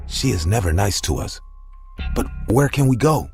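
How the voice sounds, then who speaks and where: A man's voice: fairly low pitch, animated, normal speed, a little mellow, faint music behind. A man voicing a serious ten-year-old boy who speaks firmly and insistently. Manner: firm, insistent.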